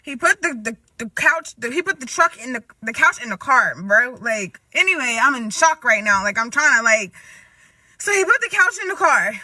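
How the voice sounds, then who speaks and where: A woman's voice: a little high, big pitch swings, moderate pace, sharp tone, no room sound, recorded from a distance. A woman casually telling a rambling story, restarting sentences and often asking "right?".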